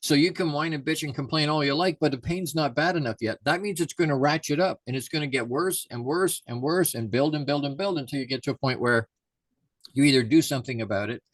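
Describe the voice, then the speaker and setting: A man's voice: a little high, fast talker, dry recording. A man working as a mindset coach, talking in a conversational interview in an emphatic, repetitive way.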